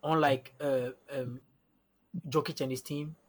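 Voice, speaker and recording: A man's voice: medium pitch, steady tone, measured pace. A man talking through basketball matchups on a casual sports podcast, laying out numbers step by step and often checking in with "you understand?". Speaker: podcast guest analyst.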